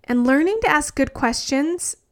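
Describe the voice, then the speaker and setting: A woman's voice: sits high, moderate pace. Chatty upbeat woman podcast host. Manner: chatty and enthusiastic, frequent "like" fillers. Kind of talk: solo podcast talk.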